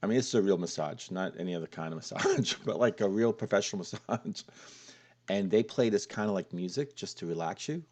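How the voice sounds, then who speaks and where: Man, low voice, relaxed awed music reaction, soft laughs. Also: fairly quick. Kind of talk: casual reaction commentary.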